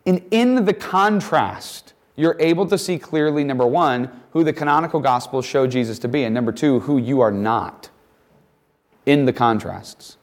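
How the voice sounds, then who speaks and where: A man's voice: medium pitch, lively intonation, normal speed. A man giving a conversational chapel talk to students, casual, with joking asides and acted-out quotes. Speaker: campus chapel speaker.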